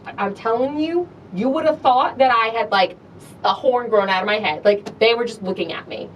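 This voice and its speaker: A woman co-hosting a podcast, telling a story in a lively, animated way and acting out both sides of a conversation, with an American accent. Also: normal speed, lo-fi sound. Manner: animated, acts out dialogue with big pitch jumps. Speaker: podcast co-host. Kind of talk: casual storytelling chat. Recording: distant mic with faint low rumble.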